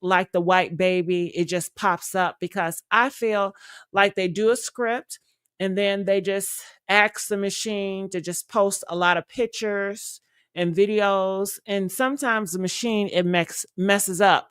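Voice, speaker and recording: Young woman streamer rambling to her chat, smooth voice, super dry sound. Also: mid-range voice, fairly even intonation, unhurried, fairly bright tone, no echo. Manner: loose, chatty, rambling with fillers and laughter. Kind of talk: casual live-stream chat.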